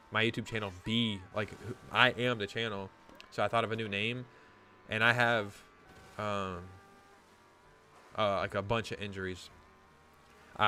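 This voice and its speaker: Bright-voiced man, rambling casual story. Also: lowish voice, slight background noise. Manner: rambling, profane, lots of "like". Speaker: gaming YouTuber.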